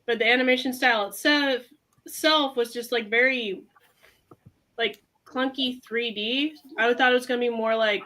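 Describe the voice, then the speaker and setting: Bright, lively woman podcast co-host. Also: fairly high pitch, low-quality recording. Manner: animated and laughing, with quick asides. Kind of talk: casual chat.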